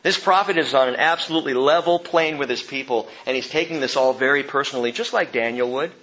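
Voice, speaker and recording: A man preaching a sermon as pastor, impassioned, jumping from loud outbursts to hushed tones. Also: medium pitch, quick pace, highs cut off.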